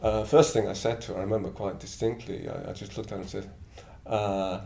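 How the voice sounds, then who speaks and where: A man's voice: fairly low pitch, fairly even intonation, a little fast, gravelly, warm tone, slight background noise. Older northern English man telling stories. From Middlesbrough, northern England. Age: 70s. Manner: blunt, digressive, chuckling storyteller. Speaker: Buddhist order member. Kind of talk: reflective anecdotal talk. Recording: echoey room with faint ambience.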